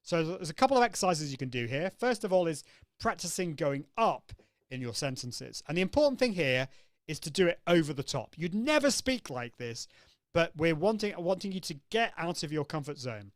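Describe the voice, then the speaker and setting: A man's voice: a little high, sing-song, moderate pace, no room sound. A man hosting a live coaching show, upbeat and demonstrative, answering viewers' comments as he teaches. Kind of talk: live-stream coaching talk.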